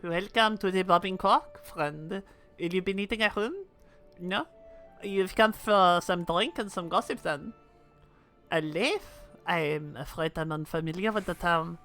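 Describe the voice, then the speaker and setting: A woman's voice: fairly low pitch, measured pace, a bit bright, faint music behind. A woman voicing a courteous innkeeper in a put-on French accent, now and then stumbling over words. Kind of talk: reading game dialogue aloud.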